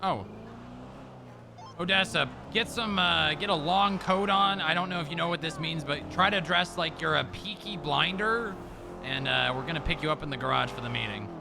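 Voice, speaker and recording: A man's voice: fairly high pitch, moderate pace, creaky, background noise. A man streaming in-character role-play chat, joking and swearing casually. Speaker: streamer playing an agent.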